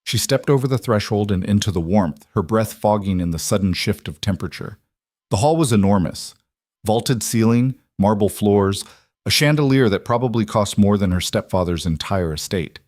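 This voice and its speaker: A man narrating a story in a measured, scripted audiobook style. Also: fairly low pitch, animated, darkish tone, no echo, clean studio sound.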